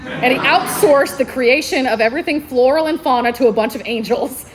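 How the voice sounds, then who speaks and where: A woman's voice: high-pitched, brisk, noisy background. A woman librarian giving enthusiastic book recommendations at a convention panel, laughing often as she talks. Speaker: librarian presenting book picks.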